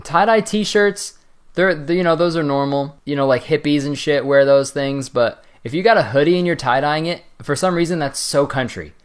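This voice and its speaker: A young man in casual comedic roast commentary, rambling and swearing, breaking into laughs and sudden high silly voices. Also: moderate pace, smooth. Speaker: commentary host.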